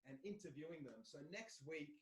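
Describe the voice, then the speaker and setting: Earnest man in a roomy room. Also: moderate pace. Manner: earnest and motivational, repeats words for emphasis. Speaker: podcast co-host. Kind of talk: casual live podcast talk. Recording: roomy, low-quality live audio.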